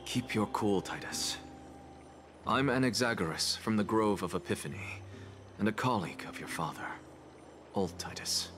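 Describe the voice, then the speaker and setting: An actor playing a solemn male scholar who speaks in a measured, hushed, grave way in game dialogue. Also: lowish voice, soft background music, lightly acted.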